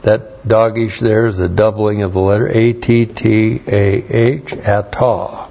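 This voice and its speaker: A middle-aged man preaching a sermon, teaching slowly and with heavy emphasis, his voice a little strained. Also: lowish voice, steady tone, vocal fry, mellow, highs cut off. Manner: slow, emphatic Bible teaching with repeated stresses. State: strained voice, coughing. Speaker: pastor.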